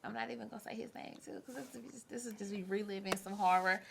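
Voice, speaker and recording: A young woman guest telling a story in a casual, animated way. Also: medium pitch, fast talker, gravelly. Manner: animated, laughing, acts out quotes. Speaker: podcast guest, pole and yoga instructor. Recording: faint background noise.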